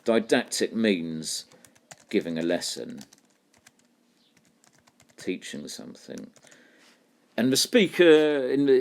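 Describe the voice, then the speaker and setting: A man teaching a poetry lesson, explaining terms and reading lines aloud slowly. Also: on the low side, big pitch swings.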